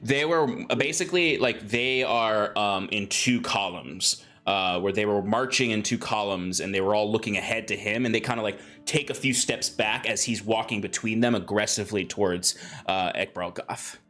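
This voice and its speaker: A man's voice: on the low side, normal speed, hardly any pauses, fairly bright tone. A man narrating a tabletop game as game master, with plenty of ums and restarts. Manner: hesitant, filler-heavy narration.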